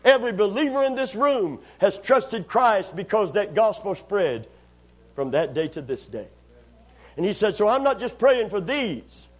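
A pastor preaches a sermon to his congregation, calling for responses and stretching out key lines as he rises to loud, drawn-out emphasis. His voice sits high and sounds husky.

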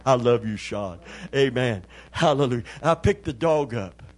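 A man's voice: medium pitch, animated, normal speed, a little mellow. An older man, a pastor preaching a Pentecostal sermon in a church, joking in a folksy way and calling on the congregation for amens.

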